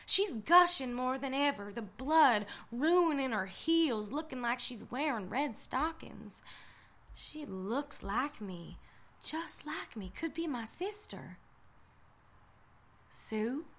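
An actress playing a drunk, frightened young woman who narrates her own ordeal, halting and stammering. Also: high-pitched, lively intonation, a bit bright, full character voice. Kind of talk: first-person audio drama narration.

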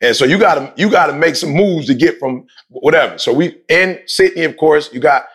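Telling a personal story with real passion, a man speaks in a casual, slangy way, animated and emphatic. He keeps repeating points to drive them home. His voice is on the high side and a little fast.

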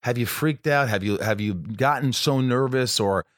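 In a clean studio recording with no echo, a man who acts and co-hosts a podcast chats casually at a moderate pace in a medium pitch. He narrates a story and performs the voices of those he quotes.

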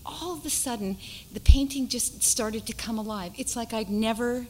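A woman painter on a panel, telling a personal story in an animated, halting way full of restarts. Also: fairly high pitch, slight background noise, low-quality recording. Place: panel discussion at an art school.

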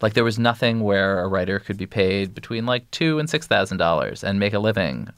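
Clean studio sound with no echo captures a man's clear, resonant, lowish voice moving a little fast. A news editor guesting on a podcast interview, he rambles, interrupts himself and tells animated stories while explaining at length.

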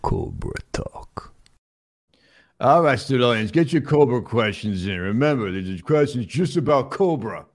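A man playing a gruff, touchy action-movie star who hosts a comedy talk show, mumbling and blustery. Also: sits low, animated, faint music behind. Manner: mumbling, blustery, quick to anger. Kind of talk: comedic celebrity impression sketch.

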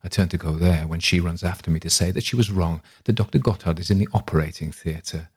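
A man reading a literary story aloud in a measured, reflective way. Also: low-pitched, fairly even intonation, a little mellow, husky. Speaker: reader.

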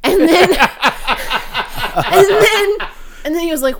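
A woman's voice: sits high, very animated, measured pace, very noisy. Woman on a podcast, chatty, keeps saying like, giggles through her story. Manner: giggly storytelling with many "like" fillers. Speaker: podcast co-host. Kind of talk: casual chat.

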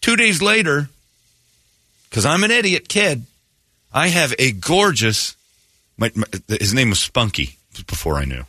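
A man hosting a comic morning radio show, telling stories in an animated way and acting out voices. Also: medium pitch, measured pace, breathy edge, no room sound. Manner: animated storytelling with laughs and acted-out voices. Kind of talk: comedic morning radio talk.

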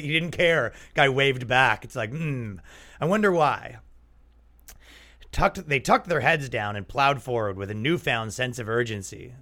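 This is a young man talking casually on his comedy podcast. His pitch swings freely up and down as he riffs and jokes. He keeps the tone loose, often sliding into mock voices to act out a bit. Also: sharp tone. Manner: loose, joking, jumps into exaggerated mock voices. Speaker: podcast host.

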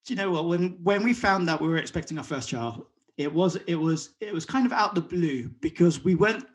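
A man's voice: fairly high pitch, expressive. A man, a guest talking openly in an interview, often repeating and restarting words and acting out what others said. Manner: halting, repeats words, acts out quotes. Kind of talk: conversational interview.

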